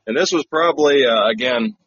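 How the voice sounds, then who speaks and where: A man's voice: medium pitch, a little fast, fairly bright tone, breathy edge, no echo. A man co-hosting a podcast, casually recapping a wrestling show with lots of fillers and jokey asides. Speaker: podcast co-host. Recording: dull lo-fi dry recording.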